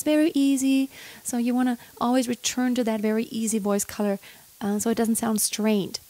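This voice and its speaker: A young woman teaching how to sing a pop ballad, speaking in a relaxed coaching manner and breaking into sung phrases to show the technique. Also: fairly high pitch, moderate pace. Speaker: singing teacher. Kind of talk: vocal lesson with sung demonstrations. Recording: loud instrumental music behind.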